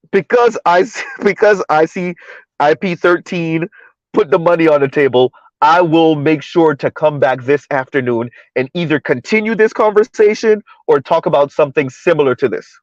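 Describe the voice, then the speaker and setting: A man's voice: on the high side, normal speed, no room sound. A man hosting a casual livestream, talking through social topics and reading chat messages aloud, repeating words as he goes. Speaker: livestream host. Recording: dull lo-fi livestream audio.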